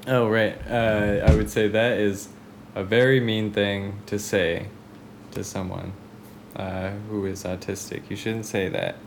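A man's voice: fairly low pitch, level tone, measured pace, vocal fry, a little hiss or hum. Giggly rambling male podcast co-host. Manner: giggly, rambling, often trails off. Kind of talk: casual comedy chat.

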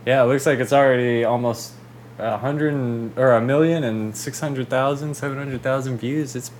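Male podcast co-host, mid pitch, rambling casual talk, faint background noise. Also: steady tone, moderate pace, a little mellow. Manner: loose and rambling, full of fillers. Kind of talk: casual chat.

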